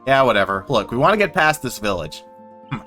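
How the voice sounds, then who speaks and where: Chatty, lively streamer man. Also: mid-range voice, a little fast, faint music behind. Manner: rambling, self-deprecating, swears, laughs often. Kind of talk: casual game commentary.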